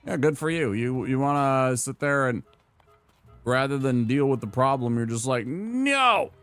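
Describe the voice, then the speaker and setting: A man's voice: medium pitch, fairly even intonation, moderate pace, clean tone, no room sound, faint music behind. A young man playing a video game and chatting casually, joking and rambling with restarts. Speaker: gaming streamer. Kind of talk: casual let's-play chat.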